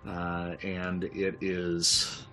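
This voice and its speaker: A man's voice: low voice, monotone, very slow, sharp tone, soft background music. A man narrating a tabletop game as game master, rambling and hesitant. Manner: rambling, hesitant with many fillers.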